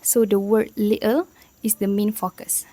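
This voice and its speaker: Young woman, from Malaysia, student presenter, reads from notes, middle pitch, dry close recording. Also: little pitch movement, unhurried, dark tone, no echo, low-quality recording. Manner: explanatory, reads from prepared notes.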